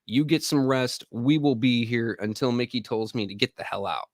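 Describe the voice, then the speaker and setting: Speaking at normal speed in a mid-range voice, this thirty-something army veteran rambles and swears while chatting straight to his live-stream audience. The sound is clean and studio-like, without echo.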